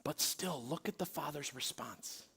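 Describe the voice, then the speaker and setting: A man with a high voice preaches to a congregation, telling the story with dramatic swings between quiet, intimate asides and loud, acted-out quotes. His voice rings through a large church auditorium with a long reverb. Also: a little slow, creaky, slightly rough. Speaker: pastor. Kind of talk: sermon.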